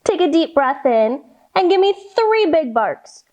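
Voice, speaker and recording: Woman kids'-yoga teacher, high and very lively, slow and sing-song, playful with animal sounds. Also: highs cut off. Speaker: children's yoga instructor. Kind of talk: kids' yoga and story warm-up lesson.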